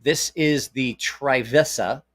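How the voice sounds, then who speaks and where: Host type: a man with a Southern drawl, casual and blunt, given to cursing and restarting his sentences, mid-pitched. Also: slow, fairly bright tone. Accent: American Southern. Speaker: knife channel host. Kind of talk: casual live-stream chat.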